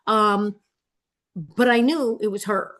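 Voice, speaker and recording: A woman in her sixties, a guest on a podcast, telling stories in a lively casual way and laughing often. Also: medium pitch, slow. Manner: animated storyteller, laughing often. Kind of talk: casual interview storytelling.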